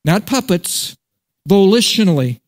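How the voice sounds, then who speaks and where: A man preaching a sermon in a notably high voice. He is emphatic, repeats key phrases for weight, and slows down to let important words land. He speaks as the pastor addressing his congregation. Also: big pitch swings.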